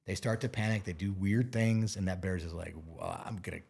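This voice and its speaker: A man with a notably low-pitched voice talks easily as an interview guest. He explains in a relaxed, conversational way and sometimes acts out little scenes to make a point. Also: fairly quick, gravelly, background noise. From Montana. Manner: relaxed, explains with playful acted-out asides. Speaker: bear expert guest. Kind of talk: casual interview talk.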